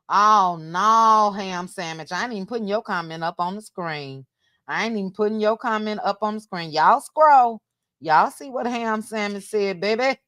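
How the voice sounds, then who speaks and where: A woman's voice: mid-range voice, a bit bright, no echo, clean studio sound. A middle-aged woman hosting a casual late-night livestream chat at home, laughing and teasing as she reads her viewers' comments. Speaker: livestream host reading chat.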